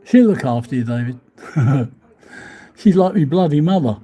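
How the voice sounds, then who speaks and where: A man's voice: fairly high pitch, expressive, moderate pace, warm tone, slightly rough. A man chatting casually on a live stream from a hotel room, rambling, laughing often and swearing mildly as he reads out viewer comments. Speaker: vlogger reading live chat. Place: hotel room overlooking the seafront.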